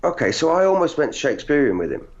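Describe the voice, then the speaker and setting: A man, an actor guest, telling animated, self-deprecating stories in casual interview chat. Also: on the high side, fast. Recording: dull lo-fi audio.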